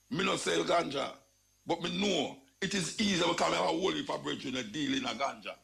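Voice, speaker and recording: A radio talk show host with a Jamaican accent rants about crime in casual, repetitive, emphatic commentary. His voice is high, gravelly, and a bit bright.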